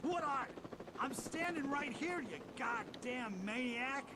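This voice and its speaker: A hostile barking FBI agent. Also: male voice, very high voice, animated, takes it slowly, noisy background, exaggerated voice. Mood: threatening. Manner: threatening, barking orders. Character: hostile, foul-mouthed male FBI agent. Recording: game audio over loud music.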